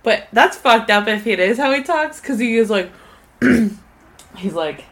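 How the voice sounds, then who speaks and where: A woman's voice: on the high side, expressive, normal speed, a bit bright. A woman co-hosting a podcast, chatting casually and swearing now and then. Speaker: podcast co-host. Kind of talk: casual chat.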